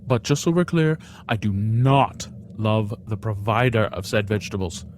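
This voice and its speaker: A man's voice: on the low side, moderate pace, a little hiss or hum. A man reading a story aloud in the first person, theatrically, with sudden whispered asides. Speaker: storybook reader.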